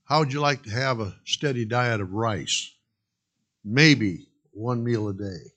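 A man's voice: mid-range voice, measured pace, fairly bright tone. A man preaching a sermon, earnestly exhorting the congregation and telling a parable. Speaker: pastor.

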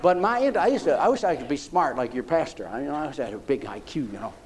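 A man preaching a sermon in a folksy, animated manner. His voice sits high for a man and swings widely in pitch. He keeps checking in with the congregation. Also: fast talker.

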